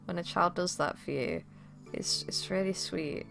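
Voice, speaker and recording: A woman chatting casually while streaming a dating game, self-mocking and quick to laugh. Her voice has a noticeable gravelly fry, and faint music plays underneath. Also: lowish voice, fairly even intonation. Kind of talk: casual gameplay commentary.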